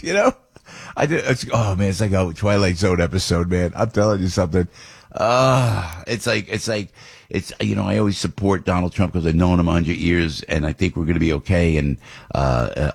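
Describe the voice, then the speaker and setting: A middle-aged man with a husky, low-pitched voice hosts morning talk radio. He rambles and restarts often, then jumps high when he gets fired up. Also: a little mellow. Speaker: radio talk show host.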